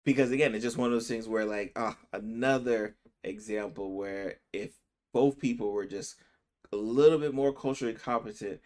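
A man who is a physician and podcast host, giving casual opinion commentary. He often checks in with "right?" and speeds up or slows down to stress his points. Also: fairly low pitch, a little mellow.

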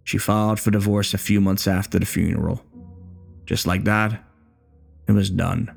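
A bitter old war veteran, acted by a man, in a horror story, with a low, gravelly voice. He talks coarse and profane, taunting and menacing by turns. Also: steady tone, moderate pace, faint music behind. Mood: cold.

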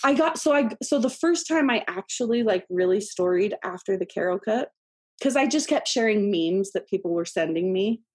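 A woman in her thirties, an interview guest, telling a personal story in a chatty, animated way with many fillers and laughs. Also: mid-range voice, normal speed, breathy edge. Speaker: podcast guest.

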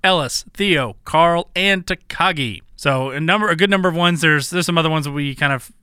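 Male podcast co-host, crisp bright voice, dry close sound, halting casual chat. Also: fairly high pitch, no room sound. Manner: relaxed, halting, lots of restarts. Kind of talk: casual movie-recasting chat.

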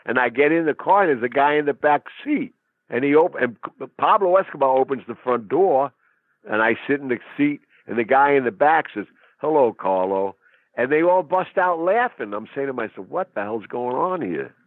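A husky man telling a dramatic story in conversation, acting out quotes in a tough-talking way. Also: medium pitch, animated, normal speed, no room sound. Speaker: interview guest. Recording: phone-like narrow sound, dry.

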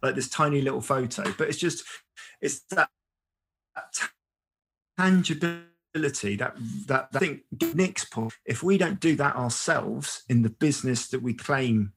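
A man in casual conversation, telling lively stories and often asking "right?". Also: mid-range voice, measured pace, gravelly. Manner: animated storyteller, says "right?" often. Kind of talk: casual chat. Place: photographer who travels with a camera.

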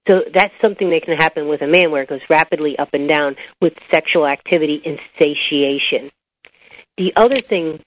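A woman with a low-pitched voice explains her subject step by step as an interview guest, slipping into anecdotes as she goes. The recording sounds dull and lo-fi. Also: dry recording. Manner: animated storyteller, explains step by step. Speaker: author and biology professor, guest.

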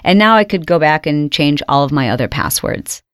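A woman host telling her own story with dramatic storytelling, reliving her panic with sudden high exclaimed outbursts. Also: animated, fairly quick, smooth, no echo, clean studio sound. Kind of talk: dramatic first-person storytelling.

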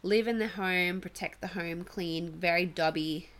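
A woman's voice: fairly low pitch, measured pace, a bit bright. A woman hosting a podcast, chatty and giggly, explaining pagan customs in a casual way. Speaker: podcast host.

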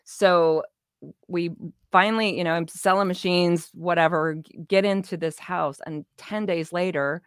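Woman, middle-aged, low voice, animated storyteller, acts out dialogue, dry close sound. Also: a little slow, clear, resonant tone, no echo. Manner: animated, acts out quoted dialogue, laughs often. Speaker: interview guest, business owner. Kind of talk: casual storytelling.

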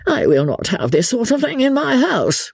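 A woman voicing a timid, cowardly middle-aged man who squeaks when flustered. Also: huge pitch swings, unhurried, no room sound, studio quality.

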